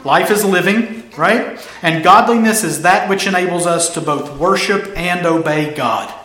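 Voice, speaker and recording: Emphatic high-voiced male preacher, echoey room. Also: a little slow, sharp tone. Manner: emphatic, repeating key phrases. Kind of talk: sermon.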